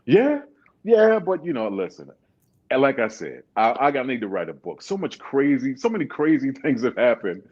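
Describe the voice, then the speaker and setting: Animated storytelling man with a lively voice. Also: mid-range voice, normal speed, muffled recording. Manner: animated storyteller, mimics voices, laughs often. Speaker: guest singer. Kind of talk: storytelling in a casual interview. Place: radio studio.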